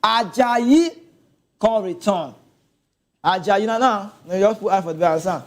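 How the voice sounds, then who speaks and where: A man with a Nigerian Pidgin accent giving a casual, animated football rant, laughing and talking straight to his viewers. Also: high voice, moderate pace. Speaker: football commentator.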